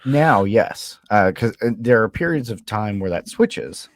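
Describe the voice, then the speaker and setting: A man who is a guest on a podcast, speaking in a thoughtful, measured way. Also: lowish voice, animated, no echo, clean studio sound. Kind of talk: casual chat.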